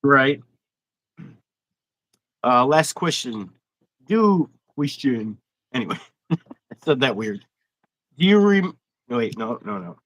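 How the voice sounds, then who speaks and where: A man's voice: medium pitch, very animated, slow, pauses often, a bit bright, poor audio. A man hosting a casual fishing livestream interview, chatty and rambling, laughing often. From Wisconsin. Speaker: host.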